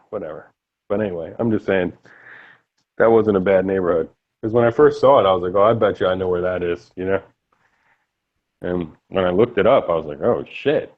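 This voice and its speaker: Animated, profane man on a lo-fi voice chat. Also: lowish voice, moderate pace. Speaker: lobby chat regular. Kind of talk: casual chat.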